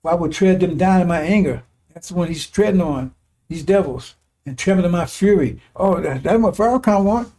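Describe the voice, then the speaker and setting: A man's voice: sits high, moderate pace, mellow. A man preaching informally, rambling and repetitive, using coarse language and laughing as he talks. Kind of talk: informal sermon.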